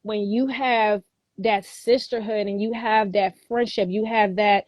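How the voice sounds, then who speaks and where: Philly lady telling stories in an interview, animated, quotes folks, dry room. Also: mid-range voice, measured pace, dry recording. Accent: Philadelphia. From Philadelphia, USA. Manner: animated, quotes people in lively voices, laughs often. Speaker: guest educator. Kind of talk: casual storytelling interview.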